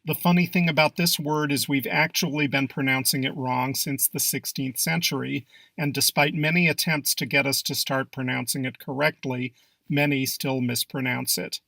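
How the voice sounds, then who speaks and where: A man delivers a scripted English pronunciation lesson in an even, measured way. His voice is bright and edged with a gravelly fry. The recording is dry and close, with no room sound. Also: mid-range voice, no echo. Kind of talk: scripted narration.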